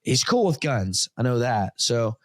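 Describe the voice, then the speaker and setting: A man in his thirties hosting a casual podcast from home, telling a story with lively energy and acting out the dialogue as he goes. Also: mid-range voice, unhurried, dry recording, clean studio sound. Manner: animated storyteller who acts out dialogue. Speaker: podcast host. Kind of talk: casual chat. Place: home studio.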